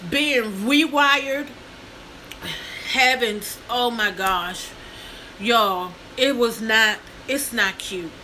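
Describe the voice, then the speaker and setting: A woman's voice: a little high, very slow, bright, forceful tone, a little hiss or hum, low-quality recording. A woman, a vlogger telling her story to viewers, tearful and calling them y'all. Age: 50s. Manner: addresses viewers as y'all, breaks down crying. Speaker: mukbang vlogger.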